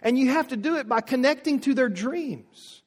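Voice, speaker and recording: Male pastor, high voice, emphatic sermon delivery, long hall echo. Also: expressive, normal speed. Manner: emphatic, repeats phrases, swings from loud to hushed.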